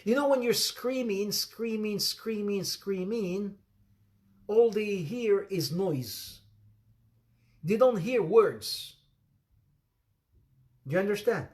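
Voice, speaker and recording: An Islamic teacher with a high-pitched, expressive, darkish voice gives an interactive religious lesson, speaking slowly with long pauses. He repeats phrases for emphasis, calls on students by name, laughs often and tosses in playful asides.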